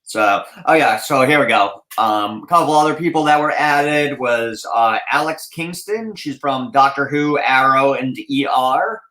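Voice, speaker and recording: A man's voice: mid-range voice, a little slow, few pauses, bright, forceful tone. A man hosting a casual podcast chat, rambling with lots of fillers and restarts. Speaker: podcast host. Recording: roomy echoey sound.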